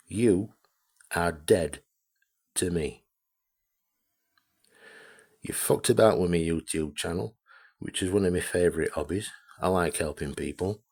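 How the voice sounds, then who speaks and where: A man's voice: deep voice, a little mellow. A man, an amateur radio vlogger, delivering a blunt, heavily profane, repetitive rant to camera. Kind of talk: ranting video monologue.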